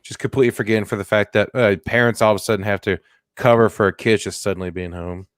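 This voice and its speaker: A man co-hosting a comedy news podcast in casual chat, jokey and goofy with animated bursts. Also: lowish voice, quick pace, clear, resonant tone, no room sound, clean studio sound. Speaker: podcast co-host.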